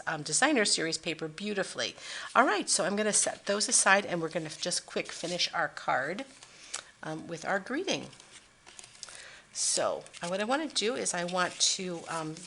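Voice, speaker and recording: A woman's voice: on the low side, gravelly, background noise. A woman demonstrating a papercraft project at her craft table, chatting and thinking aloud with fillers as she works. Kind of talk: casual craft tutorial.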